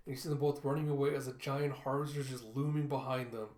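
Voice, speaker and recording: A man's voice: mid-range voice, little pitch movement, quick pace, darkish tone, roomy sound. Man casually narrating a comic. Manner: casual, hesitant, many fillers. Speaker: comic reviewer.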